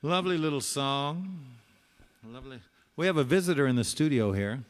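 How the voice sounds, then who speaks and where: A man hosting a relaxed music show from his small home studio, chatting and telling jokes between songs. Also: mid-range voice, moderate pace. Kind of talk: casual live-stream chat and song.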